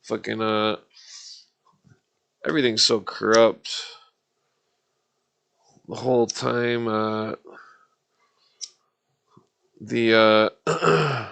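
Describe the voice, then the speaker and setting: A gravelly man rants on his livestream, swearing constantly. His voice is bright and edged, and he rambles angrily, restarting his sentences. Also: lowish voice, steady tone, drawn-out words, long pauses. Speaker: livestream host. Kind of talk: ranting political livestream.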